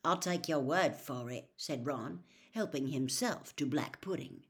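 A woman narrating a children's novel aloud in a slow, expressive read-aloud style. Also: lowish voice. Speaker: storyteller. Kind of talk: audiobook narration.

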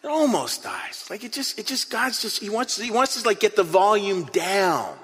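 A man preaching an interactive sermon, earnest and animated, often repeating his words as he speaks to the congregation. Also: high voice, normal speed, slightly rough. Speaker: pastor. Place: church hall. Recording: long hall reverb.

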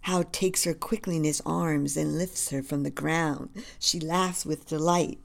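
Slow, gravelly-voiced woman narrator. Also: low-pitched, fairly even intonation. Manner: measured, descriptive reading. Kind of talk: reading a screenplay-style story.

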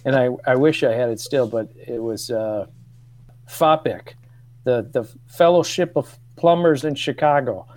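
A man's voice: medium pitch, unhurried, a little mellow, dry recording. Brief: man in his 50s, radio guest, chatty and self-mocking, close dry mic. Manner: storytelling, laughs often, hesitant restarts. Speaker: guest, former radio co-producer. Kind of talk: casual radio chat.

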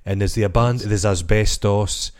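A man with a Scottish accent, co-hosting a podcast and telling dry, low-key anecdotes in casual chat. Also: moderate pace. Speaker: podcast co-host.

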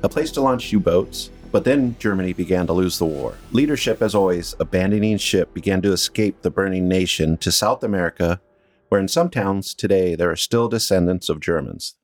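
A man's voice: low voice, fairly quick, faint music behind. A man co-hosting a podcast, telling a story from his notes with dry teasing asides. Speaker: podcast co-host.

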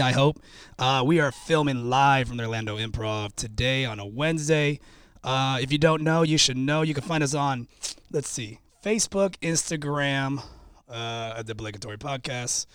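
A man's voice: mid-range voice, moderate pace, clean tone, dry recording. A man hosting a podcast from a comedy club, loose and joking, trailing off. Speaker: podcast host. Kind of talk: casual chat.

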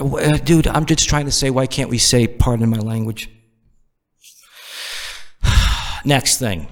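A man from the Northeast US delivering a profane comedic rant, firing off exasperated rhetorical questions. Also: mid-range voice.

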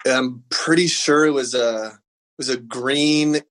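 A man's voice: mid-range voice, steady tone, slow, a bit bright. A man playing a family quiz game, joking and laid-back. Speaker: contestant. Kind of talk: casual game-show banter.

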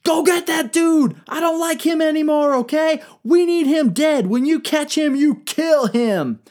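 A woman's voice: high voice, a little slow, darkish tone, voice pushed up. A woman voicing a volatile, hot-tempered ancient king who barks orders in brash modern slang. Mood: furious.

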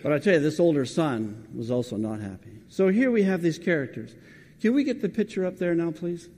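A man's voice: a little high, expressive, a little fast, warm tone. Man preaching in a reverberant hall. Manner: conversational, questions the congregation directly. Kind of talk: sermon.

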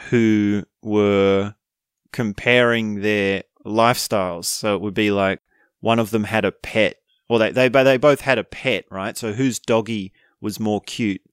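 A man talking casually on his own, chatty and quick to laugh, often ending lines with a questioning "right?". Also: lowish voice, clear, resonant tone, no room sound, studio quality. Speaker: speaker explaining a topic. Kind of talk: casual monologue.

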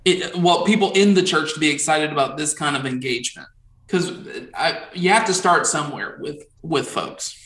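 A male pastor hosting a casual conversation, relaxed and joking at his own expense. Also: a little high, moderate pace, rough recording. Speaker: pastor and host.

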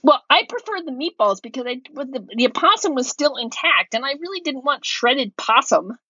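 Podcast co-host, woman, higher voice, a bit dull on the mic, storyteller. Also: moderate pace, breathy edge, no echo. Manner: animated storyteller, acts out her own yelling. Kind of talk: casual storytelling chat.

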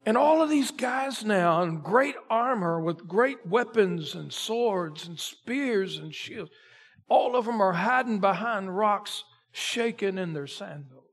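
A male pastor preaching a sermon, retelling a story dramatically and swinging between loud emphasis and a near hush. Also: high voice, expressive, slow pace, slightly rough.

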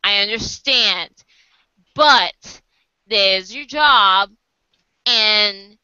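A woman's voice: fairly high pitch, lively intonation, a little slow, pushed and bright, clear, resonant tone, dry recording, dull audio. An American woman casually telling a story to camera, acting out other people's lines and laughing often. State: sleep deprived. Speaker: vlogger.

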